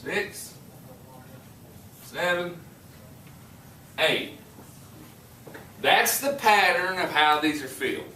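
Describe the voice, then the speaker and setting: A man teaches chemistry to a high school class, his bright, forward voice rising and falling with lively energy as he jokes with the students. He sits a little high for a man. The sound is picked up from across an echoey classroom. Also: very slow, long pauses, far from the mic, a little hiss or hum. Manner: lively, joking and teasing with students. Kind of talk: classroom lecture.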